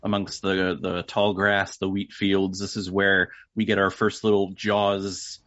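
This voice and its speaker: A man's voice: sits low, little pitch movement, a little slow, a bit bright. A man who is a regular podcast guest, chatting casually and walking through a film's plot from his notes with playful asides. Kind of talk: casual film-discussion podcast chat. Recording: dull, dry podcast mic.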